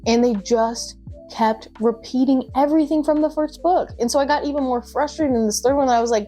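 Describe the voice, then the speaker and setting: A young woman talking casually as a book vlogger, chatty and gushing, with quick asides. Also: sits high, mellow, soft background music. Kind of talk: casual chat.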